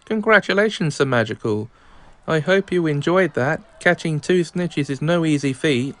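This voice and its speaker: A man's voice: on the high side, animated, normal speed, pitched above the performer's own voice, close to an everyday voice. A man reading aloud as a formal school teacher. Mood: approving. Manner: reads game dialogue aloud in a raised, formal voice.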